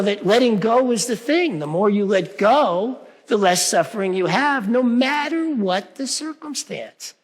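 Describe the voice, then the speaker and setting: Man giving a sermon, high voice, animated swings in pitch, long reverb from a big hall. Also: vocal fry. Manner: conversational, frequent "right?" asides.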